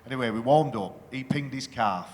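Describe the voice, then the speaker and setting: A man's voice: mid-range voice, brisk, darkish tone. A man speaking as a panel guest in a live stage conversation, boastful and joking in his banter. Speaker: panel guest, former rugby league player. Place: festival stage in a hall. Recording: long hall reverb with faint noise.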